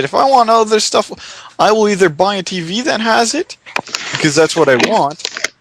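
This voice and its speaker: A man hosting a casual gaming podcast over an online call, opinionated and quick to restart his sentences. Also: high voice, lively intonation, vocal fry, a bit bright, no room sound, low-quality recording. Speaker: podcast host.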